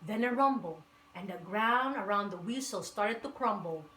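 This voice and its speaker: A woman reading a children's picture book aloud with lively, rhythmic, sing-song storytelling. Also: mid-range voice, moderate pace, a little hiss or hum. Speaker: storybook reader. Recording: echoey room.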